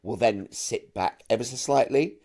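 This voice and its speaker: A middle-aged man from Manchester, a camp and animated actor and singer who often stammers into his sentences while chatting as an interview guest. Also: medium pitch, normal speed. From Manchester, England. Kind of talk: casual interview chat.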